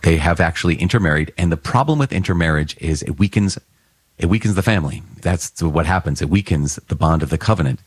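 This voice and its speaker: Low, husky-voiced priest. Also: male voice, no room sound. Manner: earnest, teacherly, checks in with "right?". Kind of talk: conversational Bible reflection.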